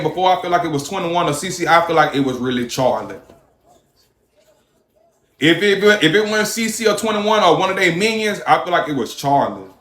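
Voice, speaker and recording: A man livestreaming, telling a story in an animated, profane way and thanking viewers for their gifts. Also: on the high side. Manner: animated, profane storytelling, shouting when worked up. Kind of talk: live-stream storytelling. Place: a hot room. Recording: roomy echo.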